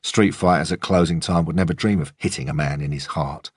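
Very deep husky male narrator. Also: no echo, clean studio sound. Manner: calm, measured storytelling. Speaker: audiobook narrator. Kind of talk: first-person audiobook narration.

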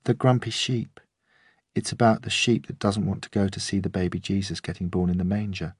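A man voicing a five-year-old girl in a storybook reading, speaking softly and earnestly. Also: sits low, steady tone, brisk, slightly rough, no echo, clean studio sound, pitched above the performer's own voice.

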